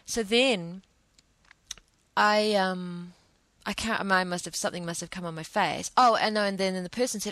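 A woman's voice: medium pitch, normal speed, fairly bright tone, dry recording. A woman telling a personal story to camera in an emotional, hesitant way, with many restarts.

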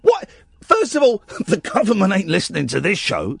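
Guy hosting late night call-in radio, jokey, trips over his words, bouncy pitch. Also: huge pitch swings, normal speed, vocal fry, husky, no room sound. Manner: jokey, rambling, stammering restarts. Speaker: radio phone-in host.

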